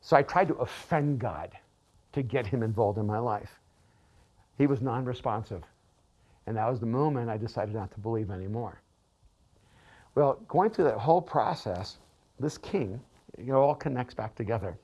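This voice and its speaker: A middle-aged man, a pastor and author, telling a personal story in an animated way, often laughing and repeating words. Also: medium pitch, moderate pace, pauses often, slightly rough. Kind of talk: storytelling talk.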